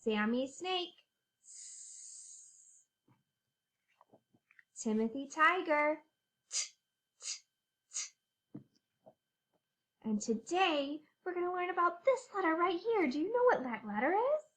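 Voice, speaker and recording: Leading young children through phonics, a woman teacher reads from a storybook in an animated, sing-song way. Her very high-pitched voice runs a little slow, broken by long pauses.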